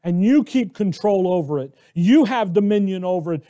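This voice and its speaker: An American man preaching a conversational, animated sermon who acts out the voices of biblical characters. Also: high voice, normal speed, few pauses. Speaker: pastor.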